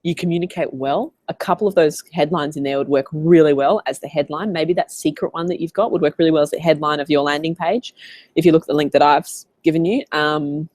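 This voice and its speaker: An Australian woman coaching in a casual live Q&A, chatty and animated as she tells stories. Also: sits low, fast, no echo. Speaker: business coach.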